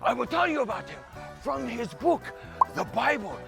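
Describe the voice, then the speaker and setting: A man playing a booming boastful circus acrobat. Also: big pitch swings, normal speed, gravelly, music in the background, heavily acted. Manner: grandiose, booming announcer delivery.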